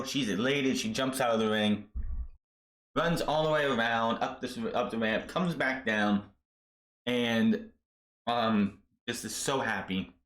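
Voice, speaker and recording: A man casually recapping a wrestling show, rambling and animated, with many fillers as he retells the events. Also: medium pitch, slow pace, reverberant.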